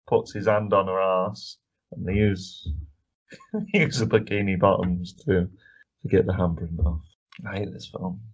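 Ranting sweary man, low voice. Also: fairly even intonation, a little slow. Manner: ranting, sweary, laughs often. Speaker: podcast co-host. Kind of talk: casual film review chat. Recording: dull lo-fi podcast audio.

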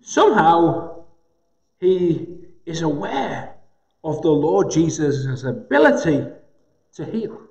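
A man preaching a sermon in a gospel hall, slow and emphatic with dramatic pauses. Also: a little high, big pitch swings, darkish tone, muffled recording. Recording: echoey hall with long reverb.

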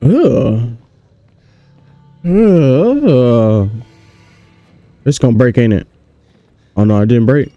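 A man giving casual, animated let's-play commentary on a horror game, chatting to his viewers in slang. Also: medium pitch, very slow, long pauses, no room sound, muffled recording, faint music behind. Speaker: gaming YouTuber.

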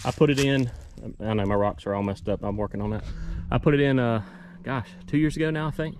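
A man talking casually through a farm vlog outdoors, relaxed and rambling with many fillers. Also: mid-range voice, quick pace, a little hiss or hum. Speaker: farm vlogger.

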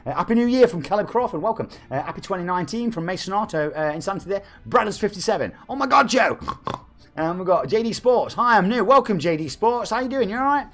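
A man's voice: high voice, animated, fast talker, few pauses. A man, chatting and joking with viewers as a game streamer. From England. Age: 40s. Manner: chatty, jokey, reads out viewer messages. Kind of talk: live-stream chat with viewers.

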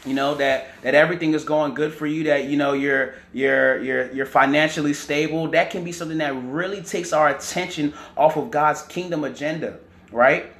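A man's voice: a little high, steady tone, moderate pace, fairly bright tone, roomy sound. A man preaching a teaching sermon, often repeating words and checking in with "right?" and "amen".

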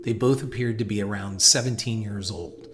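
A man giving a measured, dramatic scripted narration of a horror story. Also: fairly low pitch. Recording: noisy hiss behind voice.

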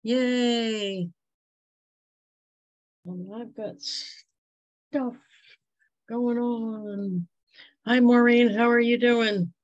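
A woman's voice: a little high, steady tone, drawn-out words, pauses often, lo-fi sound. A woman hosting a casual video-call chat, bubbly, exclaiming and laughing often. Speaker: host.

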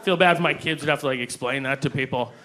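A young man doing a stand-up comedy set, animated and breaking into acted voices for the people in his stories. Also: quick pace. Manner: animated, jumps into high-pitched acted voices for quoted people. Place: comedy club stage before a live audience. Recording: live club recording with loud crowd and noise. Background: audience laughter.

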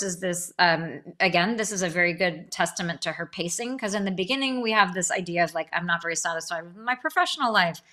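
A woman's voice: medium pitch, pushed and bright. A woman lecturing on a novel, enthusiastic, stumbling over restarts and fillers as she reads passages aloud. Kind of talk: literature lecture.

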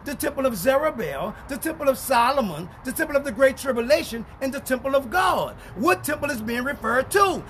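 A man preaching as a pastor in a street-style Bible teaching, swinging between low mutters and shouted bursts and reading scripture slowly and emphatically. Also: lively intonation, a little hiss or hum.

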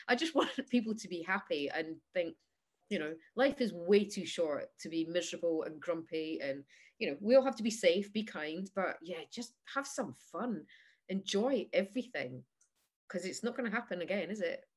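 A woman's voice: fairly low pitch, lively intonation, a little fast. A woman, a guest telling stories in casual chat, laughing often and acting out the people in her anecdotes. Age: 50s. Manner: chatty storyteller, laughs often, acts out voices in anecdotes.

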